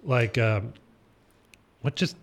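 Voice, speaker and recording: A man's voice: mid-range voice, expressive, extremely slow. A man hosting a radio show from a studio, telling funny stories and acting out the other people in them. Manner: joking storyteller, acts out dialogue. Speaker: radio host. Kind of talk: casual radio banter. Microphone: studio headphones and mic.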